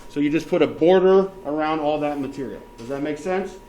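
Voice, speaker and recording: In a step-by-step classroom software lesson, a man often asks whether everyone is with him and counts off the options aloud. His voice is on the high side and expressive, slightly fast, with a bit of hiss or hum in the recording.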